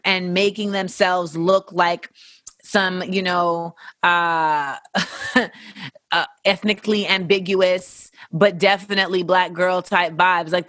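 A woman's voice: fairly low pitch, fairly bright tone, dry recording. Woman host, blunt and profane, casual listener-question monologue, dry close mic. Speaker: podcast host.

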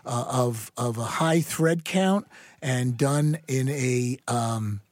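A man's voice: mid-range voice, slow pace, dry recording, studio quality. A middle-aged man co-hosting a casual chat, teasing and wisecracking, then explaining with expert confidence. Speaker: co-host.

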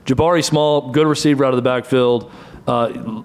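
A middle-aged male sports talk host breaks down college football, briskly rattling off stats in clipped bursts. His medium-pitched voice is clear and resonant, with fairly even intonation.

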